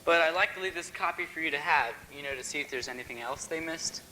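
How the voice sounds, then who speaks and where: A young man playing an earnest, gently religious teenage boy in a stage musical, easygoing and joking. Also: a little high, quick pace, noisy background, close to an everyday voice. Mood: kind.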